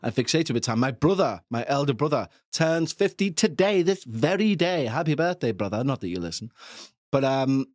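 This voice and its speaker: A man's voice: mid-range voice, no echo, clean studio sound. A man in his forties hosting a podcast, rambling through a casual review with jokey, self-deprecating asides. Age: 40s. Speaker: podcast host.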